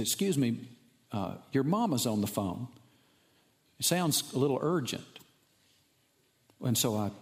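A man's voice: mid-range voice, a little mellow. A middle-aged man, preaching a sermon and telling a personal story, building to impassioned emphasis. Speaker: pastor.

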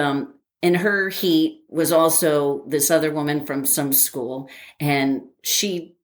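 An older woman in a casual interview, telling an animated story with many fillers and laughing at herself. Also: sits low. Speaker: interviewee, former academy track athlete.

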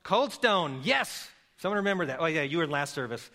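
A man's voice: on the high side, expressive, quick pace, bright, forceful tone, big-room sound. A middle-aged man preaching a sermon as a pastor, telling stories in a conversational, playful way and putting questions to the congregation. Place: church service.

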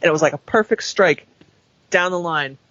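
A man's voice: on the high side, moderate pace, sharp tone. A man telling a story in casual chat, stumbling into repeats. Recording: dull lo-fi recording.

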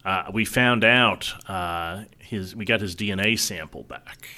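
A man's voice: low-pitched, measured pace, sharp tone. A middle-aged man from New York City co-hosting a casual faith talk show, chatty, telling anecdotes and reading scripture. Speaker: co-host.

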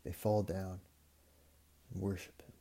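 A man preaching a reflective sermon, speaking in a measured way with repeated phrases and long pauses. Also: deep voice, fairly even intonation, gravelly, warm tone.

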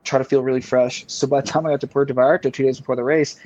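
A man's voice: mid-range voice, flat delivery, rapid-fire, darkish tone, no echo. Man, podcast guest, rambling storyteller, dry close sound, slightly muffled audio. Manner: rambling, repeats words, many fillers. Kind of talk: casual storytelling.

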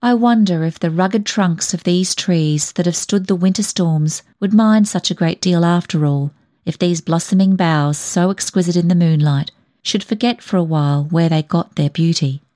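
A woman's voice: fairly low pitch, moderate pace, mellow, close to an everyday voice. A woman reading an audiobook, voicing a kind young man who speaks in a tender, soothing way. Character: gentle, loving young man, steady and kind. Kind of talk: audiobook dialogue.

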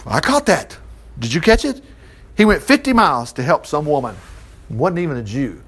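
A man's voice: on the high side, moderate pace, breathy edge. A man preaching a sermon, reading scripture aloud and stopping to comment on it. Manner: animated, reads verses and breaks in with asides. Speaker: Baptist preacher.

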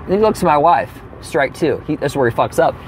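A young adult man telling a comedic story, animated and profane, with sudden exaggerated outbursts. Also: a little high, brisk, a little hiss or hum.

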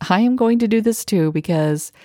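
A woman's voice: medium pitch, normal speed, dark tone, dry recording, clean studio sound. A middle-aged woman hosting a solo podcast, talking earnestly and reflectively about her own habits and acting out short example phrases. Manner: earnest, self-reflective, acts out little quoted phrases. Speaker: podcast host.

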